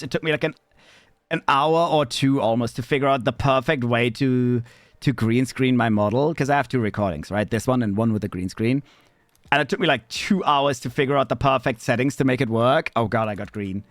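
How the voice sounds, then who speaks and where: A man chatting casually on a live stream, rambling and swearing, with sudden squeaky high bits. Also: no echo.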